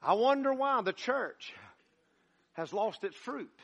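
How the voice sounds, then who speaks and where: A man's voice: extremely high pitch, lively intonation, slow, gravelly, a bit bright, highs cut off. A man preaching a sermon as pastor, folksy and joking with his congregation.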